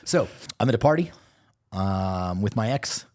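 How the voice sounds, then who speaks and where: Low-voiced man telling a profane story. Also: animated, unhurried, darkish tone. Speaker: podcast co-host. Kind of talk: casual podcast chat.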